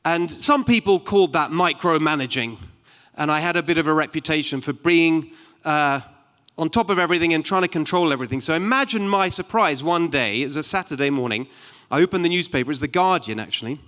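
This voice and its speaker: Middle-aged british guy giving a chatty conference talk, bit high-pitched, lots of ums, long hall reverb. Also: expressive, a little fast, bright, forceful tone. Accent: British English. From United Kingdom. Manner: conversational, anecdotal, with frequent ums. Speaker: keynote speaker. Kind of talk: conference speech.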